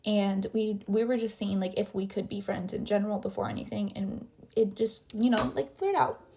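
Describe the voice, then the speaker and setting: A woman's voice: medium pitch, steady tone, normal speed, vocal fry, dark tone, slight background noise. A young adult woman casually telling a story while getting ready, rambling and packing her talk with "like" fillers.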